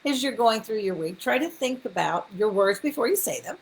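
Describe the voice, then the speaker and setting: A woman's voice: fairly high pitch, expressive, brisk. A middle-aged woman, hosting a live faith talk in a folksy, encouraging way with many ums and asides. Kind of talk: casual live-stream teaching.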